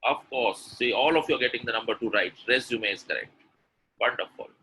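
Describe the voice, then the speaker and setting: A man's voice: medium pitch, fairly quick, pushed and bright, a little hiss or hum, poor audio. A man teaching pronunciation in a live webinar, quizzing the audience with word pairs and praising their answers. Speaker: English pronunciation coach.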